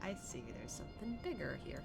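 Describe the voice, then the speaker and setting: A young woman streaming a game, chatting casually with giggly, animated reactions. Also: sits low, a little fast, vocal fry, faint music behind.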